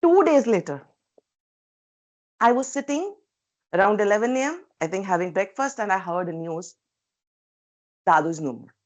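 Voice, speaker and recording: A woman's voice: medium pitch, lively intonation, normal speed, pauses often, darkish tone. A woman giving a prepared, reflective personal speech at a club meeting over a video call, asking many rhetorical questions. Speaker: speaker at a public speaking club meeting.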